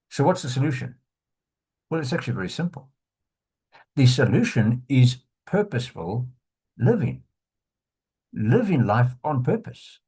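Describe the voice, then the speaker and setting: A man gives a motivational talk in a husky voice, and his pitch rises and falls a great deal. He stresses his key lines and says them again slowly for emphasis. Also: a little mellow. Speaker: conference speaker. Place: online event session.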